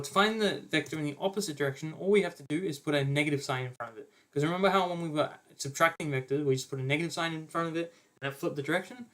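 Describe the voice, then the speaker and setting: A young man giving an online maths revision lecture, casually talking through each step of his working with fillers and quick self-corrections. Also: a little high, fairly bright tone. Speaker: maths tutor.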